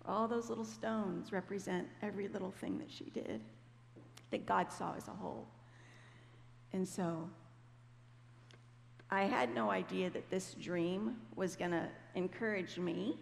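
Woman, church testimony, low gravelly voice, conversational storytelling, echoey hall, faint hiss. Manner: conversational storytelling, acts out quotes. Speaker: church speaker. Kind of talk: personal testimony.

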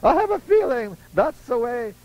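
Older male preacher, folksy sermon storyteller, high and very animated delivery. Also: normal speed, low-quality recording. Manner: acts out voices in his stories, chuckling asides.

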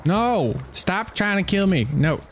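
A man's voice: sits high, very animated, slow, soft background music. A man giving casual, chatty commentary while playing a video game, talking to himself and to the creatures on screen. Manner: chatty self-talk, talks to game creatures, frequent laughs. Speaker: let's play gamer.

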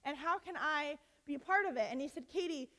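A woman's voice: high voice, fairly quick, sharp tone. A woman telling a personal story at a college talk, impassioned, full of fillers and restarts, acting out what others said. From United States. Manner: impassioned, many fillers and restarts, acts out quotes. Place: lecture hall. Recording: long hall reverb.

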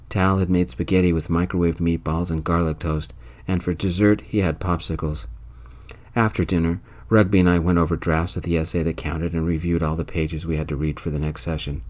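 A man softly narrating a first-person story in a calm, soft-spoken whispered role-play. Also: deep voice, normal speed.

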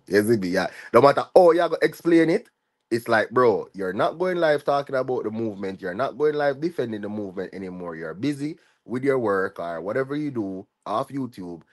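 A man speaks with a Jamaican patois accent in a somewhat low voice. He rants in a heated vlog style, circling back to the same point again and again. He keeps tagging his sentences with "bro", "dog" and "you see me". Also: expressive, normal speed. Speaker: vlogger. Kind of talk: ranting vlog commentary.

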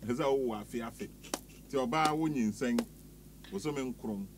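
A man's voice: medium pitch, normal speed, background noise. A man with a Ghanaian accent, a prophet chatting with a host and pronouncing blessings. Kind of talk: casual chat in Twi.

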